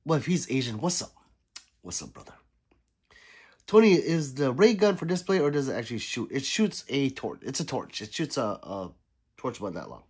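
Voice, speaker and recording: A sick middle-aged man hosts a casual livestream, reading viewer comments aloud with laughter and sarcastic remarks. His medium-pitched voice is husky and darkish, animated and fairly quick.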